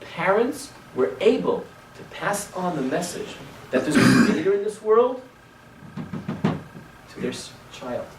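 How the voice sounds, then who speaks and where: A male rabbi teaching a class as animated storytelling. He swings between loud exclamations and hushed asides and drops in Hebrew and Yiddish words. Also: high-pitched, slow, long pauses. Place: synagogue classroom. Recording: echoey room, distant mic, faint noise.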